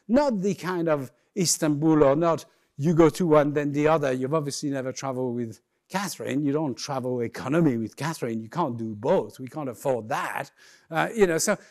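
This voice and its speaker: A man giving a humorous keynote talk on stage, telling lively stories and acting out the voices of the people in them. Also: on the high side. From lives in London. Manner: lively storyteller, acts out quoted voices. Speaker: keynote speaker. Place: conference stage before a live audience.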